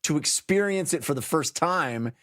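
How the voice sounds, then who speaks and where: A man co-hosting a podcast in a casual, comedic chat, wry and quick with riffs. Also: on the high side, expressive, fairly bright tone, no room sound, studio quality. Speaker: podcast co-host.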